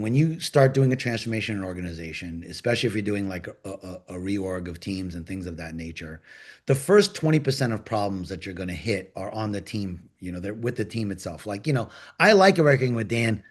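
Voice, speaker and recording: Animated man from New York telling stories. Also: mid-range voice. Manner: animated storyteller, acts out quoted dialogue. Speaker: agile coach and panel host. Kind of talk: conversational panel talk.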